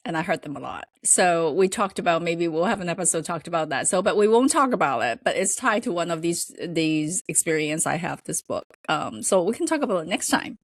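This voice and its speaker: A woman with a low voice co-hosts a relaxed podcast chat. She talks haltingly, filling gaps with "um" and "you know" and laughing between phrases. The sound is dry and close. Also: no echo. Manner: hesitant, halting with fillers and restarts. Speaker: podcast co-host. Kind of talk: casual chat.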